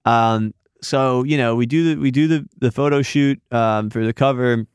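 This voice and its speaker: Smooth-voiced man telling a rambling story. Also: mid-range voice, steady tone, moderate pace, dry recording, clean studio sound. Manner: rambling, lots of fillers and restarts. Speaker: magazine editor telling a story as a guest. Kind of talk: casual storytelling chat.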